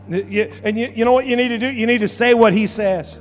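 High-voiced pastor preaching in echoey hall. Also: male voice, steady tone, quick pace, few pauses, faint music behind. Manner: preaching with repeated phrases, building to shouts. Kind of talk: sermon. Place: church.

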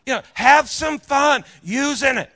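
A man's voice: extremely high pitch, measured pace, sharp tone. A male pastor preaching a sermon, telling a story with animation and calling out to the congregation.

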